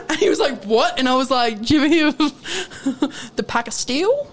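A young woman co-hosting a podcast, telling a work story in a casual, animated way and laughing often. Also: high voice. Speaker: podcast co-host. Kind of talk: casual chat.

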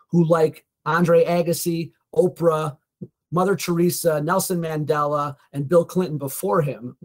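A man with a voice a little higher than most men's tells a personal story as a podcast guest. He speaks earnestly and frankly, dropping the odd swear word like a motivational speaker recalling a turning point. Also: a little mellow.

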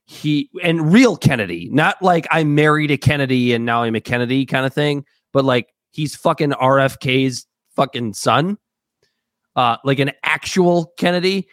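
A man's voice: mid-range voice, normal speed, fairly bright tone, no echo. A man co-hosts a casual political podcast, talking bluntly and swearing freely. He has a mid-range voice. The mic is close and the sound is dry. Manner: blunt, profane, joking. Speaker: podcast co-host.

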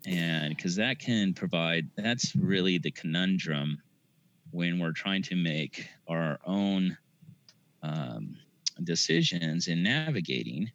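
Male podcast guest, very low-pitched, thoughtful and halting delivery. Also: animated, a bit bright, muffled recording. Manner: thoughtful, halting with many fillers. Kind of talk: casual spiritual discussion.

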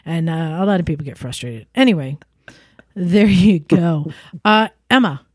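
A woman's voice: lowish voice, animated, normal speed, no room sound, studio quality. A woman co-hosting a casual podcast, explaining things and correcting her co-host with pointed questions. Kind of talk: casual chat.

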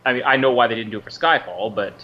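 A man's voice: mid-range voice, fast, a crowd in the background. A man co-hosting a podcast, chatting casually and laughing often while watching a movie. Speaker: podcast co-host. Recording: muffled lo-fi audio.

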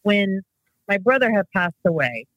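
A woman's voice: medium pitch, big pitch swings, moderate pace, no echo, highs cut off. A woman telling a family story in casual conversation, rambling and correcting herself as she goes. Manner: rambling, self-correcting, acts out quotes.

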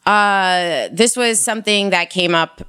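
A woman frankly telling a personal story in casual conversation, animated and full of slang. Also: medium pitch, a little slow, clean tone.

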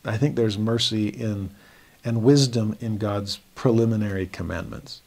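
A man's voice: on the low side, steady tone, unhurried, vocal fry, darkish tone. A man teaching a scripture lesson in an earnest, explanatory way, raising his voice when he acts out quoted students. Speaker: religion teacher.

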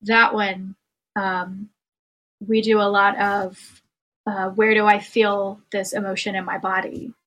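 A woman's voice: mid-range voice, little pitch movement, slow, fairly bright tone, low-quality recording. A woman who is a guest on a podcast, speaking hesitantly with many filler words. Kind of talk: conversational interview.

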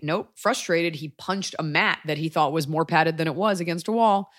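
A woman's voice: low-pitched, moderate pace, hardly any pauses, dry recording, clean studio sound. A woman in her thirties hosting a podcast in casual chat, blunt and sarcastic, joking and swearing freely. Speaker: podcast host.

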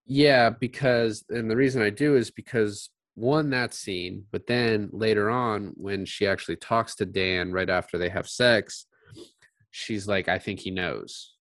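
Lowish dry-voiced man, blunt chat. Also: a little slow, dry recording. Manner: blunt and animated, swears, acts out lines from the film. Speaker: podcast co-host. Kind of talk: casual chat.

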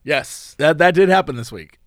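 A man's voice: on the high side, moderate pace, dry recording, studio quality. A man co-hosting a casual podcast chat, telling stories and acting out what people said. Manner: animated storyteller who acts out quotes. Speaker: podcast co-host.

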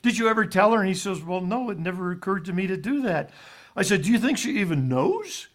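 Folksy male guest storyteller, earnest, a bit higher-pitched voice. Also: very animated, brisk. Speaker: guest speaker. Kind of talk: storytelling on a talk show.

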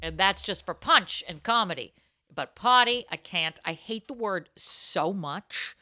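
A woman's voice: medium pitch, animated, measured pace, pushed and bright. A woman co-hosting a comedy advice podcast, brash and crude in her answers. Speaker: co-host answering advice letters.

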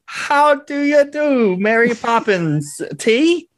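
A man's voice: extremely high pitch, animated, takes it slowly, fairly bright tone, a little hiss or hum, pitched above the performer's own voice, heavily acted. A man putting on a bad British accent. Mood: playful mock. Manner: exaggerated, singsong, joking.

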